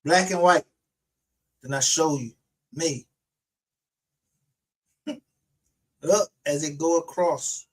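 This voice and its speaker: A man's voice: on the high side, takes it slowly, long pauses. A man ranting aggressively on a livestream, confrontational and full of profanity. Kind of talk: angry livestream rant.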